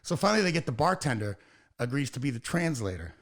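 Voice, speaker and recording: An American man in his forties tells a story in a loose, relaxed podcast conversation. He swears constantly and acts out the other people's lines as he goes. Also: mid-range voice, fast talker. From United States. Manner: animated, profane storytelling with acted-out quotes. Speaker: podcast guest, hardcore band singer. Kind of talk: casual storytelling chat.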